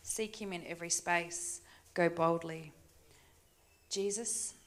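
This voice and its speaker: A woman preaching a sermon in a church, talking conversationally with tag questions and dropping to soft, hushed asides. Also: fairly low pitch, fairly even intonation, takes it slowly. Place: church stage.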